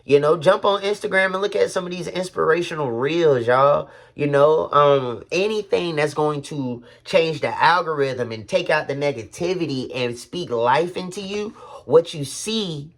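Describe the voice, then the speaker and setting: A man in his thirties talks candidly to his viewers in a personal vlog, earnest and heartfelt. His speech is loose and streetwise, peppered with "you feel me" check-ins, in a voice of ordinary middle pitch. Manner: streetwise slang with frequent "you feel me" asides. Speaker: vlogger.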